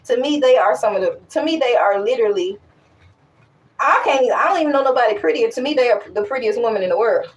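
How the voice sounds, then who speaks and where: A young woman talking casually and candidly to her viewers, animated and rambling, with frequent restarts. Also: a little high, fast talker, recorded from a distance, poor audio. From West Africa. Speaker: vlogger. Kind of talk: casual chat to camera.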